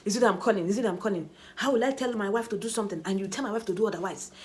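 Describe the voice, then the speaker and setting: A woman's voice: medium pitch, very fast, a little mellow, natural voice. A woman with a Nigerian accent voicing an angry, indignant husband who repeats his accusations. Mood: accusing. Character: angry shouting jealous husband, a man.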